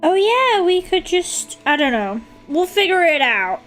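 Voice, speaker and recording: Giggly high-voiced British woman streamer. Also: sing-song, measured pace, a bit bright, faint music behind. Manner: giggly, teasing, swears freely. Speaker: streamer hosting a drawing stream. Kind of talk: casual live-stream chat.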